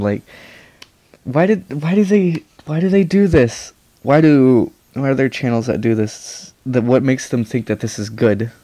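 A man's voice: medium pitch, darkish tone, dry recording. A man giving casual, rambling reaction commentary as a YouTuber, swearing often.

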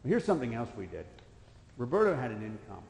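A man's voice: medium pitch, sing-song, fast talker, creaky, a little mellow. A man in his fifties preaching a sermon in a church, telling a personal story in folksy speech that swells into emphatic bursts. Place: church sanctuary. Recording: echoey church hall.

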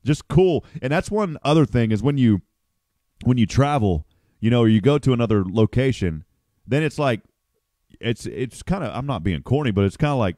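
A man's voice: medium pitch, animated, moderate pace, mellow, dry recording, studio quality. A man hosting a casual morning radio show, chatty and upbeat, greeting listeners by name.

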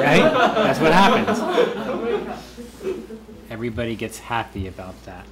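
A man's voice: mid-range voice, sing-song, moderate pace, pauses often, a crowd in the background. A man who is a university professor, giving a classroom lecture and repeating key phrases for students to echo.

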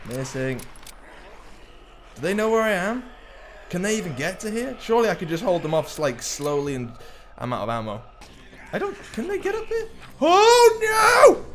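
A young man giving excitable live gameplay commentary, often breaking into shouts and laughter. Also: a little high, normal speed, long pauses, a little hiss or hum. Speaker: gaming YouTuber. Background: loud game music and gunfire.

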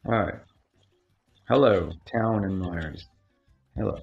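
A man's voice: slow pace, creaky, soft background music. A man hosting a casual livestream, chatty and greeting viewers over and over while he plays a board game. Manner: chatty, greets viewers repeatedly, sings high hellos. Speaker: livestream host. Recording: dull lo-fi sound with faint noise.

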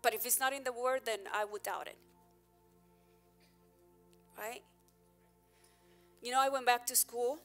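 A woman's voice: a little high, fairly even intonation, measured pace, long pauses, a bit bright, soft background music. Woman pastor preaching with candid emphasis. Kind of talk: sermon.

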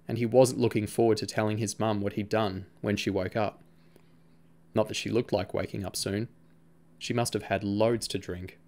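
A man narrating a novel aloud at a steady storytelling pace, voicing its characters himself. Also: fairly low pitch. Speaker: audiobook reader.

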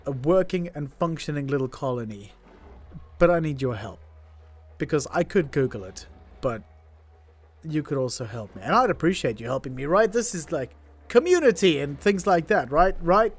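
A man commentating his first try at a game, panicking, laughing and yelling at his characters, then calming down to talk to viewers. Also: fairly high pitch. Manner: calmer, chatty sign-off to viewers. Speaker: gaming YouTuber. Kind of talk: let's play commentary.

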